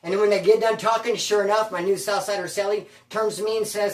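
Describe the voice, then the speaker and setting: A man's voice: high voice, steady tone, quick pace, distant mic. A man telling his own prison story in casual first person, full of street slang and calling the listener bro. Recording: roomy sound, away from the mic.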